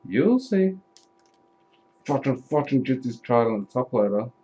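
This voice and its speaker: A man opening trading card packs live, chatting casually, swearing often and bursting into excited shouts at big pulls. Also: medium pitch, moderate pace. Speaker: card break streamer.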